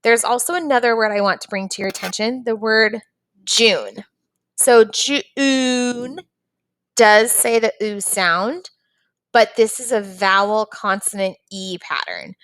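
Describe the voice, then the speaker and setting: A woman's voice: mid-range voice, unhurried, a bit bright, no room sound. A woman teacher patiently walking young students through a phonics and reading lesson, step by step.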